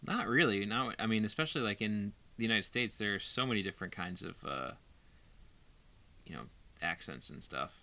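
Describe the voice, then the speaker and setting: A man's voice: fairly low pitch, expressive, normal speed, sharp tone. A man co-hosting a podcast in casual chat, talking hesitantly with many "like"s and restarts. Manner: hesitant, lots of fillers and restarts. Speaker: podcast co-host.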